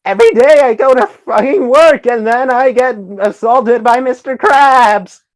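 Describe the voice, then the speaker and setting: A man putting on a squeaky, strained high voice for a cheerful, manic cartoon sponge character. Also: measured pace.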